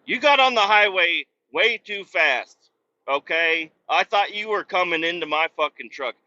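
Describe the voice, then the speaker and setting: Foul-mouthed trucker ranting behind the wheel. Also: male voice, high voice, expressive, a little slow, sharp tone, dry recording. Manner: profane, mocking, rambling. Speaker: truck driver and podcast host. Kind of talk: profane rant while driving. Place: truck cab on the highway. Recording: dull lo-fi sound.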